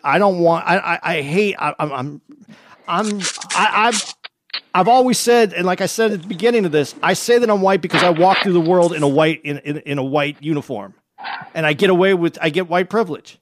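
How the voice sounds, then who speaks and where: A man co-hosting a podcast in casual chat, earnest and halting, often restarting his sentences. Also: fairly high pitch, background noise. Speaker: podcast co-host.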